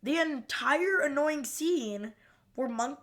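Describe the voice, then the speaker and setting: A woman's voice: sits high, animated, slow, a bit bright. Blunt woman podcast co-host. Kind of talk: casual chat.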